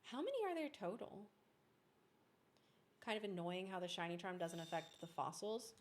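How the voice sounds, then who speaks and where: A woman's voice: fairly low pitch, big pitch swings, moderate pace, slight background noise. A young woman streamer casually chatting and answering her chat while she plays a game. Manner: does silly voices and mimicry. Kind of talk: casual gaming livestream chat. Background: game music.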